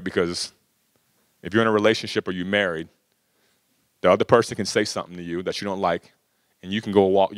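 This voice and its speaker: Man, low voice, dry close sound, casual storyteller, middle-aged. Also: no echo. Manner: conversational, frequent "you know" and "right?". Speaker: speaker at a workshop. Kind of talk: casual storytelling talk to an audience.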